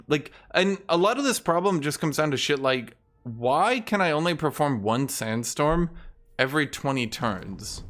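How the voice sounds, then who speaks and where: A man giving casual, ranting gameplay commentary, animated and profane, as a content creator. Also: mid-range voice, a little hiss or hum.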